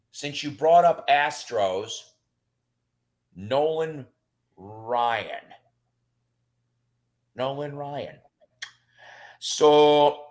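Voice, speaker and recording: A middle-aged man rambling through casual stories in a chat, with lots of fillers and restarts. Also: fairly high pitch. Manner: rambling and animated, with many fillers.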